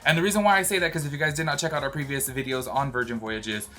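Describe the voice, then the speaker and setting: Talking fast in a high-ish voice with a steady, sharp tone, a Georgia man films a casual travel vlog in his cruise ship cabin. His cruise chat rambles with lots of fillers and asides, and faint music runs in the background.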